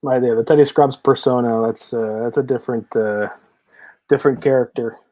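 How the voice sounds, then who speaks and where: A man's voice: mid-range voice, steady tone, brisk, dark tone, no room sound. A man in his thirties, a comic book creator, chatting casually as a guest with many fillers and easy laughs. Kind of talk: casual interview chat.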